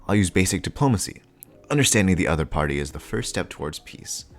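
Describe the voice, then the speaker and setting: A man's voice: deep voice, expressive, fast talker, faint music behind. A man voicing a stern male spy posing as a father, in clipped, earnest inner monologue. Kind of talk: comic reading with voices.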